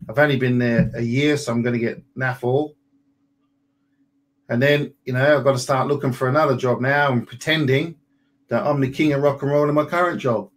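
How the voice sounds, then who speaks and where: An animated man in his forties coaches listeners in a relaxed, colloquial way. His voice sits at a middle pitch, neither high nor low, and he keeps slipping into little acted-out conversations. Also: low-quality recording. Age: 40s. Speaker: property business coach. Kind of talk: motivational webinar talk.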